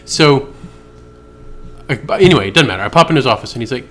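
A man's voice: mid-range voice, lively intonation, fast, long pauses, sharp tone. A man co-hosting a podcast in casual chat, telling rambling stories with profane asides. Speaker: podcast co-host.

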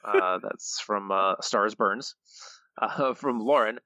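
A man's voice: lowish voice, steady tone, normal speed, pushed and bright, no echo, dull audio. A man co-hosting a podcast, reading out listener quotes in a playful way and laughing often. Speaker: podcast co-host.

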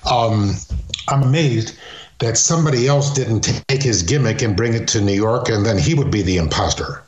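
An older man, a retired wrestler, telling animated stories as an interview guest and slipping into quick impressions. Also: fairly low pitch. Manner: animated storyteller, slips into impressions. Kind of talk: casual storytelling interview. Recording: roomy echo.

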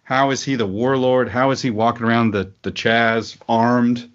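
A man's voice: medium pitch, steady tone, normal speed, a bit bright. A man co-hosting a casual political podcast, rambling with frequent fillers and restarts. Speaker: podcast co-host. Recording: dull lo-fi podcast audio.

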